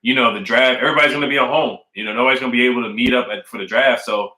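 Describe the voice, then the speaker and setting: Bright-voiced man chatting on a stream. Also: medium pitch, very fast, reverberant, low-quality recording. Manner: repetitive, emphatic, says "man" and "I really do" often. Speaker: sports fan streamer reading chat. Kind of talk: casual live-stream chat. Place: at home indoors.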